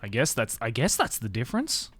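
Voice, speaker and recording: A man's voice: medium pitch, huge pitch swings, fairly bright tone, no room sound, faint music behind. Musing Australian man chatting with viewers. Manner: musing, hesitant, slows to spell out words. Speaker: streamer. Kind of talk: casual chat with viewers.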